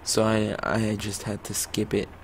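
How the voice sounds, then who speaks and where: A man's voice: lowish voice, completely flat delivery, measured pace, creaky, slight background noise. A young man joking his way through a story game in a casual let's-play commentary. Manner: joking, reads game text aloud. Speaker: gamer.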